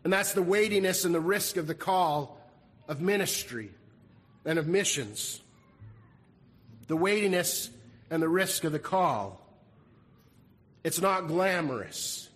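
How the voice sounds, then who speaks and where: Pastor guy preaching, high voice, hangs in a big echoey church, keeps repeating the main line. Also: lively intonation, a little slow, long pauses, fairly bright tone. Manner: earnest preaching, repeats key phrases. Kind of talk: sermon. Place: church sanctuary.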